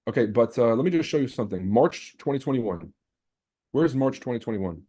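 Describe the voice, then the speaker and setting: A man with a mid-range, warm, slightly rough voice speaks expressively and a little fast. He hosts a live trading stream, chatting casually, brash and teasing as he reads out the chat and swears freely.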